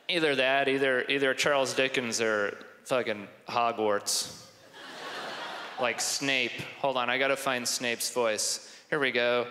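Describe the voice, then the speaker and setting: Young man doing stand-up, rambling, animated, bright voice, long echo in hall. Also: medium pitch, measured pace, slight background noise. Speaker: stand-up comedian. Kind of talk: stand-up comedy. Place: theater stage. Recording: echoey theater hall.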